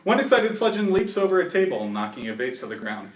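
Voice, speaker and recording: A man's voice: a little high, very animated, quick pace, recorded from a distance. A man narrating as game master of a tabletop game, telling the story and laughing between bits. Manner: storytelling, laughs between shouted guard voices. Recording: echoey room, voice from off-mic.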